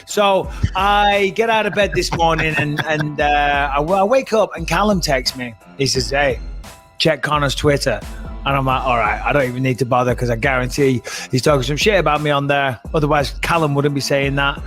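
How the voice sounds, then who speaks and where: A man's voice: a little high, normal speed, a bit bright, soft background music. A man hosting a casual podcast chat, talking bluntly and emphatically and swearing freely. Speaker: podcast host.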